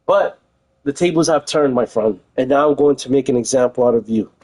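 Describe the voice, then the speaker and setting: A man's voice: medium pitch, fairly quick, a little mellow, rough recording. A young man streaming from home, talking in a heated, emphatic casual rant and repeating phrases for stress. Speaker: livestreamer.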